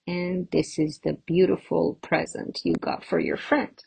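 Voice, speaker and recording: A woman teaching an English pronunciation lesson, slow and patient, explaining with examples and pauses. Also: on the low side, animated, vocal fry, husky, dry recording.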